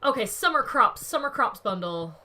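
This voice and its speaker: A woman's voice: fairly high pitch, big pitch swings, moderate pace, sharp tone, a little hiss or hum. A young woman chatting casually to her live-stream viewers while playing a game, thinking aloud and answering chat by name.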